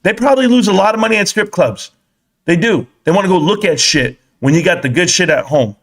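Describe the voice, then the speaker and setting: Man, young adult, stock stream host, fairly high voice, casual chat, joking, swearing, jumps between hype and low mumbles. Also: a little fast. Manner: animated, joking, profane, swings from loud excitement to low mutters. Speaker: stock market live streamer.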